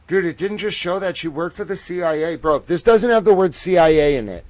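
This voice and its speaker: A young man hosting a livestream, ranting excitedly and profanely, swinging from shouting outrage to low muttering. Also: a little fast. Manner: profane, emphatic. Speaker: livestream host.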